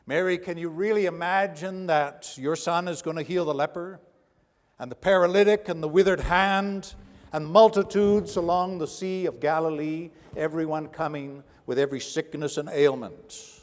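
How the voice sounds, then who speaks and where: A man's voice: on the high side, steady tone, normal speed. Preaching man in a reverberant church. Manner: dramatic preaching, swinging from hushed to raised. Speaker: pastor. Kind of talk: sermon. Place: church sanctuary.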